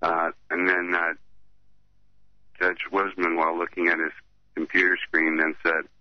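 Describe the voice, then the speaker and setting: A man calling in to a talk show, reading his own account aloud slowly and haltingly, with many fillers. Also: deep voice, completely flat delivery, no echo, highs cut off. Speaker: caller.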